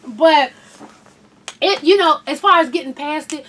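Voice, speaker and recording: A woman hosting a frank casual chat, telling blunt, profane stories with loud outbursts and hushed asides. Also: high voice, unhurried, distant mic. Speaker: host.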